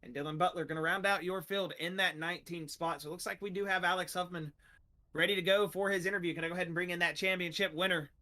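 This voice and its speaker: A young man hosting sim racing commentary, energetic and rambling with fillers as he runs down the finishing order. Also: high-pitched, fast. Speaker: broadcast booth host.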